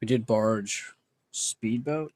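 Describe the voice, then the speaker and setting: A man's voice: medium pitch, takes it slowly, a little mellow, no echo. A man hosting a casual livestream, muttering word guesses to himself and reacting to chat with self-mocking remarks. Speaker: livestream host.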